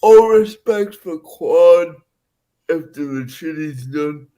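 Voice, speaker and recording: Man, stream guest, high voice, slow delivery, blunt, swears. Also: expressive, dark tone, rough recording. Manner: blunt, profane. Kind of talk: casual live stream chat.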